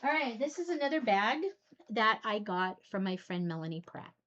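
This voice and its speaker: A woman showing her cross stitch projects in a casual vlog, talking softly with many ums, teary and her voice catching. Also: medium pitch, animated, muffled recording. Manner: soft-spoken, pauses often with ums. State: teary, voice breaking. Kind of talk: casual show-and-tell vlog.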